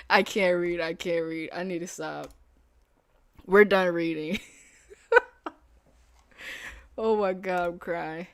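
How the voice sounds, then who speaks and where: A woman's voice: on the low side, lively intonation, a little slow, no room sound. A young adult woman streaming as a day trader, talking casually in slangy speech, laughing easily and explaining her setups.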